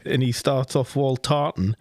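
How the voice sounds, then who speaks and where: A man's voice: mid-range voice, steady tone, measured pace, a little mellow, no echo, clean studio sound. A man from northeast England co-hosting a movie podcast, wry and nitpicky in casual chat. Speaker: podcast co-host.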